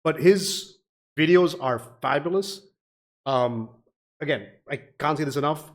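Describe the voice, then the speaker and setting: A man's voice: on the high side, a little slow. A man hosting a reaction video, talking casually with lots of fillers and the odd curse. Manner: rambling, swears casually, frequent fillers.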